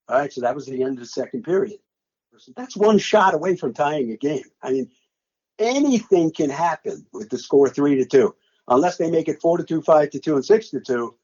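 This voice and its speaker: Older man, lively husky storyteller. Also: a little high, normal speed, lo-fi sound. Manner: dramatic, re-enacts his own play-by-play calls. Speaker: sportscaster recalling a game he called. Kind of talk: animated storytelling interview.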